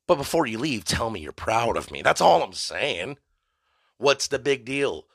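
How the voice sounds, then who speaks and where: A male podcast host delivering a rambling, mock-ranting comedic monologue, profane and deadpan absurd. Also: medium pitch, normal speed, vocal fry, husky, dry recording, studio quality.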